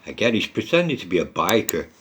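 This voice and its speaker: A man's voice: on the low side, very animated, quick pace, fairly bright tone, breathy edge. A man giving blunt, mocking commentary on online posts, swearing a lot as he goes.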